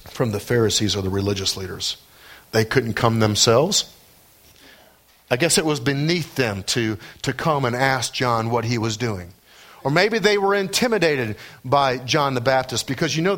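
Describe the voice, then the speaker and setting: Emphatic male preacher with a higher voice. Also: a bit bright. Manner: emphatic, repetitive, rising to a fervent pitch. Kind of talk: sermon.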